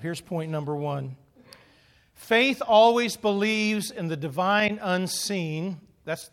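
A middle-aged male pastor preaching with a fairly high voice. He tells stories in an animated way and throws in funny asides. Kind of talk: sermon.

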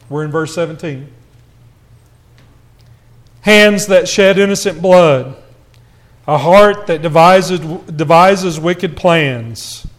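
A man preaching a conversational sermon to a church congregation, asking rhetorical questions and swinging from quiet asides to raised, emphatic passages. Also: sits high.

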